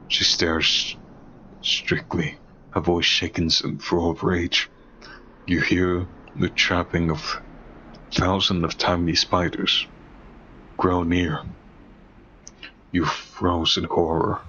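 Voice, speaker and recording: A man narrating a second-person horror story in a slow, deliberate, ominous way. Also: sits low, little pitch movement, sharp tone, dull audio, slight background noise.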